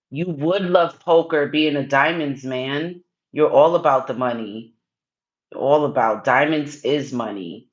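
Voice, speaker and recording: A woman with a low voice and an unhurried pace hosts a livestream, teasing and coaxing her viewers as she reads out their cards. The sound is a little dull and muffled. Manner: teasing, coaxing, playfully pushy. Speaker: livestream host reading viewer comments. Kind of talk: casual livestream chat with card readings.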